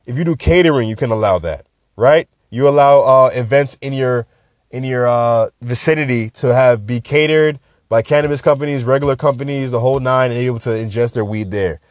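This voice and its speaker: A man hosting a podcast in a casual monologue, animated and joking, with laid-back asides. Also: mid-range voice, a little fast, dry recording, studio quality. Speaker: podcast host.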